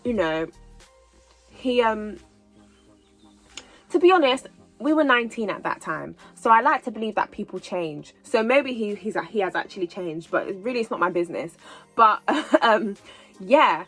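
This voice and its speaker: Woman in her twenties, vlogger, casual storytelling, animated retelling, average pitch. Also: normal speed, pauses often, soft background music, rough recording. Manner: chatty, animated retelling with repeats. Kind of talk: storytime vlog.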